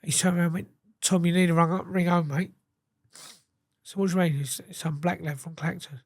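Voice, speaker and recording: A man's voice: a little high, steady tone, brisk, no echo, clean studio sound. A man, a guest telling a story in a casual, blunt way, swearing freely and acting out what others said. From England. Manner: blunt, sweary, acts out quoted dialogue.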